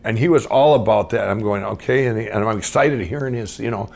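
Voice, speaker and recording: A middle-aged man from Minnesota telling his own life story off the cuff, rambling with many restarts and swinging between excited and hushed. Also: on the low side, fairly quick, creaky. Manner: rambling, full of restarts and "I'm going". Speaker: guest storyteller. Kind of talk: unscripted personal storytelling.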